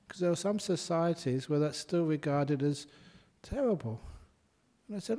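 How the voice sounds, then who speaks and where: A male Buddhist monk giving a dharma talk, his voice sitting a little higher than most men's. He talks in a chatty, humorous way and often laughs at his own stories. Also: lively intonation, moderate pace, warm tone.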